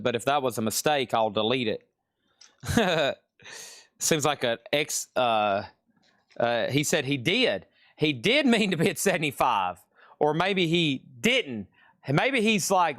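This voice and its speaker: A man's voice: a little high, fairly bright tone, no room sound, clean studio sound. A man with a Southern US accent hosting a live record sale, in chatty, rambling patter that often corrects itself. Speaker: live-stream record seller. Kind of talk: casual live sales patter.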